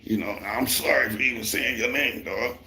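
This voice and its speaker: A man's voice: mid-range voice, moderate pace, bright, forceful tone. A middle-aged man telling a profane, heated work story to viewers of a live stream. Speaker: construction worker and livestreamer. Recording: roomy echo.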